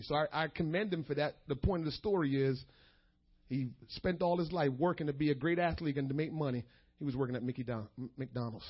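A man preaching a sermon, shifting between quick asides, slow emphatic phrases and bursts of shouting. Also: a little high, slightly rough, lo-fi sound. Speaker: pastor.

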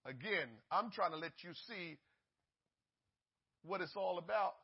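A man preaching a sermon, swinging from shouted peaks to hushed asides and acting out the voices in the story. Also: sits high, measured pace, gravelly, breathy edge, muffled recording.

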